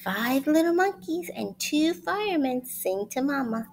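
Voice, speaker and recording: A woman reading a children's picture book aloud in an expressive, sing-song way, speaking to young listeners. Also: sits high, measured pace, few pauses, slight background noise.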